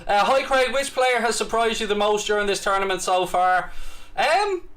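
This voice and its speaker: A man's voice: high voice, animated, normal speed, fairly bright tone. An Irish man hosting a live stream, chatting casually and reading out viewer comments with cocky, teasing banter and mock bravado. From Ireland. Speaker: livestream host.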